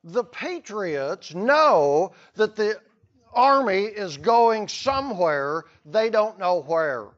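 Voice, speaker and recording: A man's voice: high-pitched, very animated, takes it slowly, a bit bright, lo-fi sound. A man teaching a history lesson to a class, telling the story with playful asides. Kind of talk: classroom lecture.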